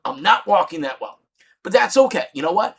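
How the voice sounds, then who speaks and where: Animated, high-voiced, swearing middle-aged man. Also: a little fast, vocal fry, slightly rough. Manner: animated, swearing, shouting punchlines. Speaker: comedic storyteller. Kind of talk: profane comedic storytelling.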